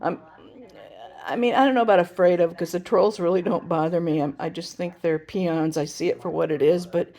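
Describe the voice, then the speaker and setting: A woman's voice: fairly low pitch, steady tone, fairly quick, darkish tone. An older woman chatting in a loose, rambling vlog monologue. She restarts her sentences often and fills the gaps with ums. Her opinions come out blunt and unfiltered. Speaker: trial-watching vlogger.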